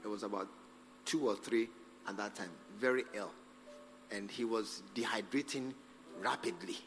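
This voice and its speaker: A man preaching a sermon as pastor, acting out scenes with sudden shouts. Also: on the low side, moderate pace. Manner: animated, acts out scenes, shouts for effect. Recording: long hall reverb with faint music.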